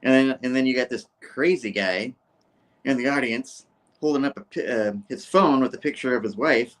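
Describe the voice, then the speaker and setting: A man's voice: mid-range voice, moderate pace. A man co-hosting a podcast who recaps a comic book casually and in a rambling way, leaning on "he's like" and "you know". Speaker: podcast co-host.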